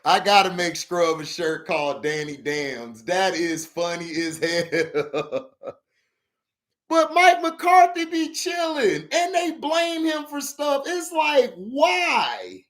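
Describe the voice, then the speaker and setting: Man, sports vlog host, casual rant, high voice, very lively swings, laughs a lot, shouts points. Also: slow. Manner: animated, laughs often, shouts for emphasis.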